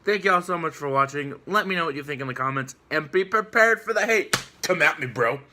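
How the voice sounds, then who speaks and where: Male vlogger, rambling casual rant, very bright tone. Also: a little high, brisk, slight background noise. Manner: casual, rambling, filler-heavy. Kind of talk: ranting response video.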